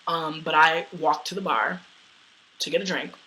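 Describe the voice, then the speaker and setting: A young American woman telling a personal story in a loud, brash, profane way, laughing often. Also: sits low, normal speed, a little hiss or hum, poor audio. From United States.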